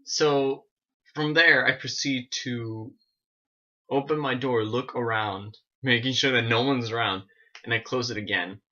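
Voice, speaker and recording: A man tells a story to his vlog camera at home, rambling and animated and often restarting his sentences. His voice is bright and pointed. The recording sounds dull and lo-fi. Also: medium pitch, unhurried. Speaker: vlogger.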